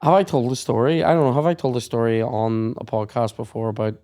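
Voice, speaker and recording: A man's voice: medium pitch, steady tone, fast. Sweary man telling stories. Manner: sweary storytelling, acts out shouted quotes. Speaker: podcast host. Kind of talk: casual chat.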